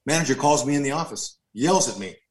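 A man in his fifties, a former pro ballplayer, telling stories in an animated, joking way with lively asides. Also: medium pitch, fast. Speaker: former pro baseball player. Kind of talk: storytelling interview.

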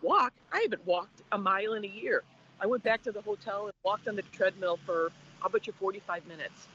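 A woman in her sixties telling her own story with emotion, animated and often laughing. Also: mid-range voice, brisk, lo-fi sound, a little hiss or hum. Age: 60s. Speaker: former patient guest. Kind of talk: personal testimony.

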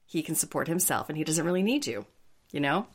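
Expressive woman podcaster, lively pitch. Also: fast, slightly rough. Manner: expressive, blunt, profane. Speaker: podcast co-host. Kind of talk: casual chat.

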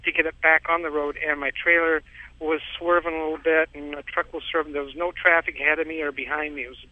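A man's voice: on the high side, flat delivery, quick pace, no echo. Rambling man calling in over a tinny phone. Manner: rambling, repeats words, laughs often. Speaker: caller. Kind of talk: casual phone-in storytelling. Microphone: telephone. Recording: tinny phone line, dry.

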